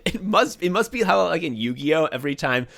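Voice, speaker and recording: A man co-hosting a podcast, telling stories in casual, profane, animated chat. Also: fairly high pitch, fairly quick, gravelly. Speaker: podcast co-host. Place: separate rooms from co-host.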